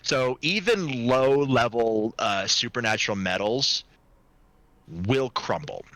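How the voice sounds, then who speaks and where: A man's voice: mid-range voice, animated, takes it slowly, fairly bright tone, no echo. A man playing in an online tabletop role-play, thinking aloud with restarts over a home microphone. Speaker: player. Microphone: home microphone on voice chat.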